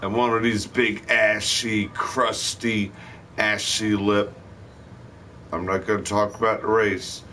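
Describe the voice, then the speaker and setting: A man's voice: lowish voice, flat delivery, slow pace, pushed and bright, a little hiss or hum. A middle-aged man hosting a live stream, telling rambling, profane stories in casual chat. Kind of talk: casual storytelling.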